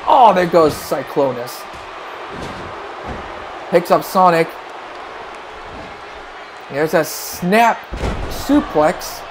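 A man calling wrestling play-by-play, excitable and breaking into shouts at big moves. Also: a little high, very slow, pauses often, noisy background. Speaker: play-by-play commentator.

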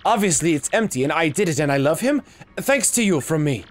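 A man voicing an excitable, squeaky male game character with a shrill voice. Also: fairly quick, natural voice. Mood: excited.

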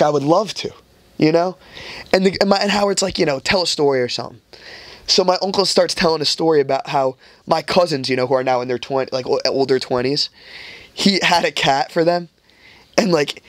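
A young man hosting a podcast, rambling and swearing freely as he tells stories. His voice sits a little high for a man. The sound is close and dry, with no room around it. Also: fairly bright tone, no echo. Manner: loose, profane, rambling storyteller. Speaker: podcast host. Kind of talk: casual storytelling chat.

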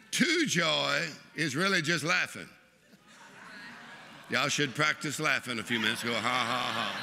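A preacher, delivering an exuberant sermon and leading the congregation in laughter. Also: male voice, fairly high pitch, creaky, pushed and bright, slight background noise. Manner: exuberant, leads the crowd in laughing. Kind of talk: lively sermon.

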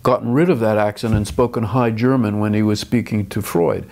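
Gravelly low-voiced older man. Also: brisk, a little mellow. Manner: thoughtful, restarts often, dry chuckles. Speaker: film director. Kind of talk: interview conversation.

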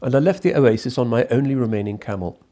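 A man's voice: medium pitch, quick pace, mellow, voice pushed up, natural voice. A man reading aloud as a grieving older Libyan tribal chief, with restrained anguish. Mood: grave.

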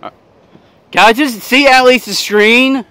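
A man's voice: extremely high pitch, a little slow, bright, forceful tone, clear, resonant tone. Exasperated swearing man in a skit. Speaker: narrator and filmer of skit. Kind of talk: casual comedy skit.

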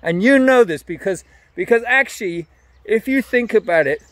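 A man's voice: sits high, lively intonation, normal speed, a bit bright, no room sound. An older man giving an earnest, emphatic evangelistic message to camera, often repeating his phrases.

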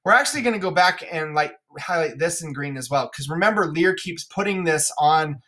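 A woman's voice: deep voice, animated, fairly quick, fairly bright tone. A woman teacher explaining a scene of a play in a casual, chatty way with jokey asides.

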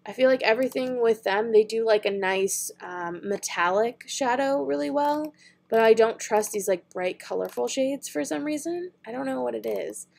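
A woman's voice: fairly high pitch, normal speed, creaky, a little mellow. A young woman beauty vlogger chatting casually and thinking aloud while she browses makeup online, with frequent giggles. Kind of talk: casual online shopping chat.

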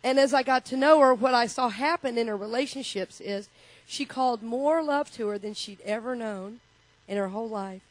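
Her voice fairly high and her pace normal, a middle-aged woman minister delivers a sermon in a church sanctuary. She keeps it personal and conversational, drawing the congregation into call-and-response.

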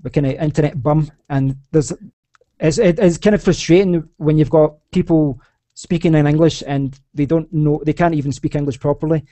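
A young man with a Scottish accent rambles through a casual chat, stumbling and restarting often. His voice sits a little high yet sounds mellow and warm. The sound is close and dry. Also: steady tone, moderate pace, no echo. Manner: rambling with many restarts and laughs. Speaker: podcast host.

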